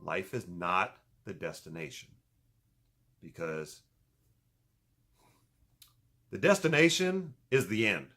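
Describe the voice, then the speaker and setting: Animated, profane man vlogging advice. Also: measured pace. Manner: animated, swings from loud emphatic to low muttering; profane, joking. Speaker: video blogger. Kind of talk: casual motivational vlog.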